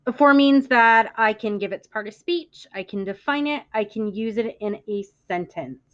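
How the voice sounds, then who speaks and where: A woman teacher giving a classroom vocabulary lesson, speaking clearly and deliberately, stressing words for the class to echo. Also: on the high side. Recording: muffled lo-fi audio.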